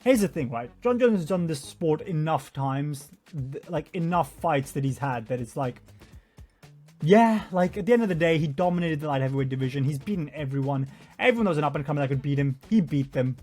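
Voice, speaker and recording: A man's voice: a little high, lively intonation, a little fast, a little mellow, faint music behind. A man giving a profane, mocking commentary rant over interview clips. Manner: mocking, profane, does sarcastic impressions. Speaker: YouTube commentator.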